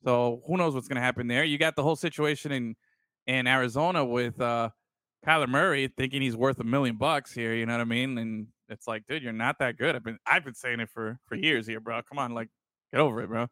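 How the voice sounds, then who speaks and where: A man's voice: mid-range voice, steady tone, brisk, sharp tone, dry recording. A man co-hosting a casual sports podcast, rambling and swearing freely, calling his friends bro. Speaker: podcast co-host.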